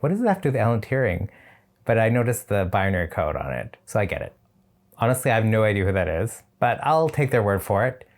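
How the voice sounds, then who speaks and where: A man's voice: on the low side, darkish tone. A man reviewing a drag competition show in a casual, chatty reaction style, with opinionated and slightly shady asides.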